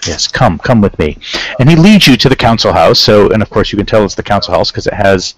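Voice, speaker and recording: A man running a tabletop game as game master, narrating in a relaxed, rambling way. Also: fairly low pitch, fast talker, poor audio.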